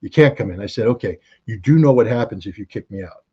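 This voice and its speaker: A man's voice: lowish voice, lively intonation, fast, husky. A middle-aged American man and former weapons inspector, recounting anecdotes in an interview and acting out the dialogue. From United States. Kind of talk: interview storytelling. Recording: dull, slightly lo-fi audio.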